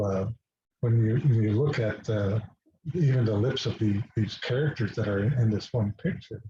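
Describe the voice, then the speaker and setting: A man speaking as a guest, telling a personal story in a halting way with many restarts and fillers. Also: fairly low pitch, warm tone, slight background noise. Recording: dull lo-fi recording.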